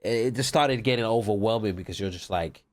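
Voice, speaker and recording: A man's voice: on the low side, fast talker. Rambling man telling a gaming story. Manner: rambling, lots of "like" and "whatever". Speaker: podcast guest. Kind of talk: casual storytelling chat.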